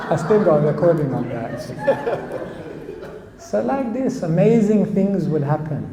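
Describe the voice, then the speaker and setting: British monk telling stories in an echoey hall. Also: male voice, a little high, animated, slow pace, long pauses. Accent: British English. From London, England. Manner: chatty, anecdotal, laughs as he tells stories. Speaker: monk and spiritual teacher. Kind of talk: storytelling sermon to a live audience. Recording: echoey hall with faint noise.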